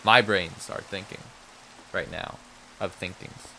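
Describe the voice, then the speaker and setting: A man's voice: sits low, fairly even intonation, slow, creaky, sharp tone, a little hiss or hum, rough recording. A man streaming a game, muttering to himself and trading mock-outraged jokes with his chat. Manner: mutters to himself while playing. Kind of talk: casual live game stream talk.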